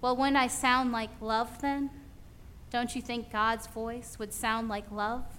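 A woman's voice: on the high side, flat delivery, slow pace, pushed and bright, a little hiss or hum. A woman preacher voicing God as a loving male presence, speaking tender, repeated reassurances in a sermon skit. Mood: gentle.

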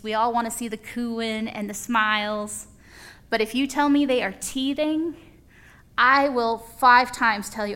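A woman preaching a conversational sermon, folksy and animated, acting out little dialogues as she talks. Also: on the high side, a little slow.

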